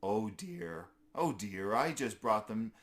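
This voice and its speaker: A man voicing a sweet, very old grandmotherly female squirrel who speaks gently and kindly, calling everyone dear. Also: fairly low pitch, animated, slow.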